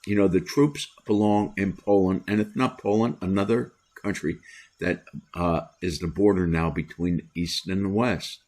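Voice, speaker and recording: Deep-voiced older man giving opinions. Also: fairly even intonation, a little mellow. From United States. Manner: deliberate, opinionated, frequent "uh" pauses. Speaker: commentary host. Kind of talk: solo political commentary.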